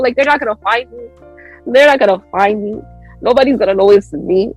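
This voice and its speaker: A woman guest on a podcast telling a story in an animated way. She acts out her own lines with big jumps in pitch and laughs often. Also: fairly quick, breathy edge, no room sound, soft background music, low-quality recording.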